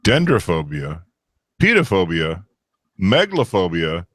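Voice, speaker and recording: A man co-hosting a casual podcast, reading out quiz questions in an animated way, swearing and laughing often. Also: low voice, a little slow, slight background noise. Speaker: co-host running a quiz. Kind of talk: casual banter.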